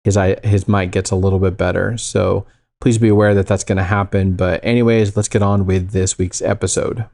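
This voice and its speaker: A man in his thirties co-hosting a podcast, calmly steering the chat with segues and show notes. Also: low-pitched, brisk, vocal fry. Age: 30s. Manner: calm, steady, steers the show with plugs and segues. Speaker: podcast co-host. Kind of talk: casual chat.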